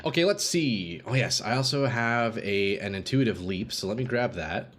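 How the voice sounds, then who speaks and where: A man's voice: fairly low pitch, expressive, moderate pace, a bit bright, a little hiss or hum. Chatty male game streamer on a desk mic. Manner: casual and chatty, reads chat aloud, bursts of hype. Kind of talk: live-stream commentary while playing. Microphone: desk streaming microphone.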